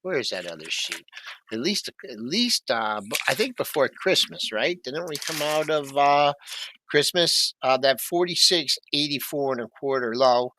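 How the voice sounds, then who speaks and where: A man's voice: medium pitch, animated, a little slow, background noise. A man co-hosting a live market talk show, rambling casually through price levels with asides.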